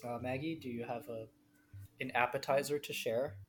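A woman podcast co-host in casual chat, blunt and quick to swear. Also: rumbling low, steady tone, a little hiss or hum.

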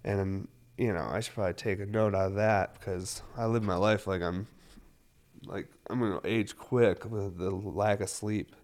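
Man, 30s, low voice; loose, filler-heavy, profane vlogger chat. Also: fairly even intonation, moderate pace, a little mellow. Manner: loose, rambling, heavy on fillers, swears often. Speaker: cannabis vlogger. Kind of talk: casual rambling monologue.

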